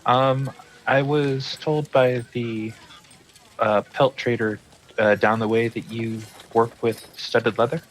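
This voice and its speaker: A man's voice: mid-range voice, little pitch movement, takes it slowly. A man playing a tabletop game, speaking hesitantly while bargaining in character. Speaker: player. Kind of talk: casual tabletop play.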